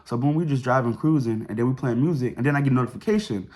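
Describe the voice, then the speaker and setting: A young man at a middle pitch races through a personal storytime, loose and conversational. He leans on casual slang and keeps coming back to filler words like "whatever" and "cool". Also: racing, darkish tone. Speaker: vlogger.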